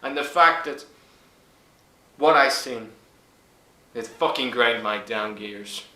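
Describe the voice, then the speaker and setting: In this angry vlog, a man in his twenties swears heavily and leans hard on his words, his fury aimed straight at the camera. He speaks slowly at a medium pitch, with a pushed, bright quality, and the room around him echoes.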